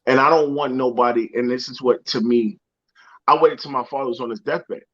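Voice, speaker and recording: A man's voice: medium pitch, steady tone, brisk, a bit bright, dull audio. A man speaking as a motivational guest, telling a personal story in conversation, earnest and often repeating phrases as he searches for words.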